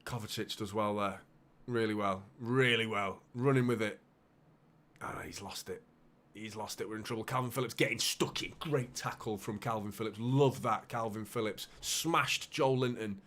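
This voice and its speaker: A man hosting a live football watchalong, calling the play with bursts of excitement and muttered asides. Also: fairly low pitch, normal speed. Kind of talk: live match commentary for a fan watchalong.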